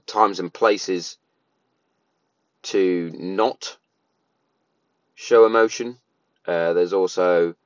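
Dad, 30s, lower voice, casual rambling monologue with lots of fillers; muffled, dead-dry recording. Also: male voice, dry recording. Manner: rambling, many restarts and fillers. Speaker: parent sharing opinions.

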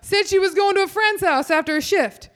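A woman reading her own raunchy comedy piece aloud on a live theater stage, deadpan, breaking into loud bursts. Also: very high-pitched, a little fast.

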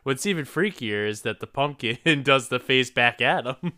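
A man's voice: medium pitch, lively intonation, moderate pace, pushed and bright, smooth. A man co-hosting a casual podcast, laughing often and egging his co-host on. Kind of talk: casual movie recap chat.

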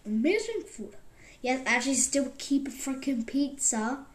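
A woman around twenty rambling excitedly in a casual vlog, jumping between loud outbursts and whispers. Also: high-pitched, moderate pace. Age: about 20. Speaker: vlogger.

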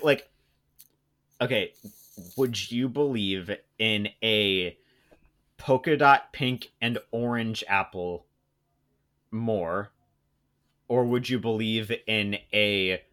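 A man's voice: lowish voice, pushed and bright. Young man, podcast co-host, casual chat, rambling, joking, filler-heavy.

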